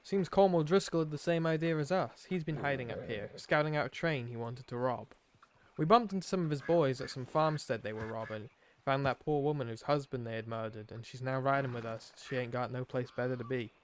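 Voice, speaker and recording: A man putting on a gruff cowboy drawl to read an outlaw's journal aloud. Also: sits high, huge pitch swings, normal speed, hardly any pauses, a bit bright, a little hiss or hum, pitched above the performer's own voice, heavily acted. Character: rough male frontier outlaw writing in his journal. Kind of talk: reading aloud in a put-on accent.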